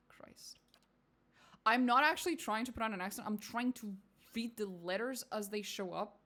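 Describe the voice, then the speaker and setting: A woman's voice: fairly high pitch, moderate pace, a bit bright. A woman streamer reading a game aloud and commenting on it in a candid, blunt way that slips into profanity.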